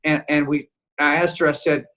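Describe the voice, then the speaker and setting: A man being interviewed as a guest songwriter, telling an animated story and acting out the dialogue. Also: a little high, moderate pace. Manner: lively storyteller who acts out quoted dialogue. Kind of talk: animated storytelling in casual chat.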